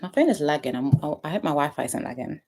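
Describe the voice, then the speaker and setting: A woman's voice: low-pitched, animated, fast talker, vocal fry. Young woman, livestream host, chatty and playful, casual home setup. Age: 20s. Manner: chatty, playful, shouting out viewers by name. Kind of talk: casual livestream chat greeting viewers. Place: at home, her sister's house.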